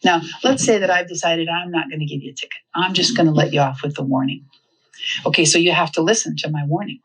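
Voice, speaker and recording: A woman giving a humorous, animated seminar talk on parenting. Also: deep voice, fast, breathy edge, rough recording. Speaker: parenting speaker.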